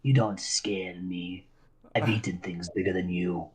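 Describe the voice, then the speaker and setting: A man's voice: deep voice, steady tone, unhurried, voice pushed down. A man voicing a small, scornful male goblin prisoner in a tabletop game, taunting his captors.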